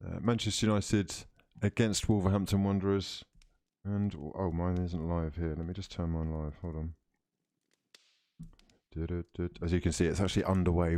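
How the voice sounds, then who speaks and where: Male streamer, lowish voice, dry mic, banters casually with his viewers. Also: darkish tone, dry recording. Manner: chatty and playful, calls viewers fraudulent friends. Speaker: football livestream host. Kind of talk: casual livestream chat reading comments.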